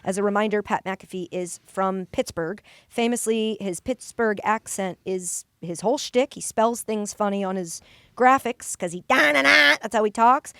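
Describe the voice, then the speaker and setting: A woman's voice: medium pitch, moderate pace, clean tone, no room sound. A woman in her thirties hosting a podcast in casual chat, blunt and joking, swearing now and then. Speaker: podcast host.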